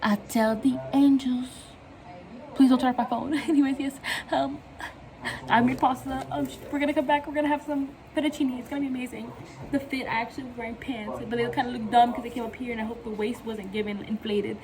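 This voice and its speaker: A woman's voice: fairly high pitch, fairly even intonation, fairly quick, a crowd in the background, rough recording. A young woman chatting casually in a vlog, rambling from one tangent to the next in slangy speech and laughing often, recorded on her phone at home. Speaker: vlogger.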